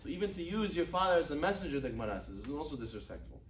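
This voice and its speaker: A man's voice: big pitch swings, rapid-fire, recorded from a distance, a little hiss or hum. A man giving a religious lecture, telling stories and acting out quoted dialogue with Hebrew religious terms. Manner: acts out quoted dialogue, rising in pitch for characters; peppers speech with Hebrew and Yiddish religious terms. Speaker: rabbi giving a Torah class. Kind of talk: sermon-style lecture with storytelling. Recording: echoey room, speaker off-mic.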